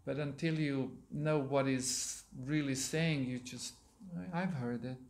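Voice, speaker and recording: A man, a monk giving a sermon, reading a story aloud and pausing to explain words to his listeners, in a temple hall. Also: medium pitch, steady tone. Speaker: monk lecturer.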